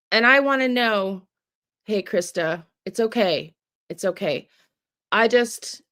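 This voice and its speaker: A woman's voice: medium pitch, a bit bright. An older woman hosting a true crime channel, angry and swearing heavily, sick with the flu and tired. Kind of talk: angry live video rant.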